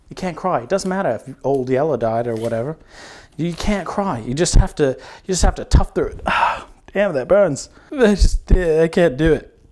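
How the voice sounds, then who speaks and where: A young man with a fairly high voice hosts a spoof cooking show. He walks through each step in a loose, joking patter and swears freely along the way. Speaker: comedic cooking show host. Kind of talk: mock cooking show, improvised comedy.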